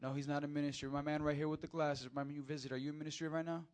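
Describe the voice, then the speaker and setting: A young pastor gives a relaxed, energetic church sermon, speaking straight to the congregation and moving from soft asides to loud climaxes. His voice sits on the high side, and he races along.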